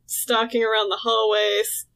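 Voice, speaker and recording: A woman with a fairly high voice tells a story in a loose, chatty way. She acts out the characters' lines as she goes. The tone is casual podcast talk. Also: a little slow. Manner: animated storytelling, acting out characters' lines with laughs. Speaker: podcast co-host recapping a comic. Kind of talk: casual chat.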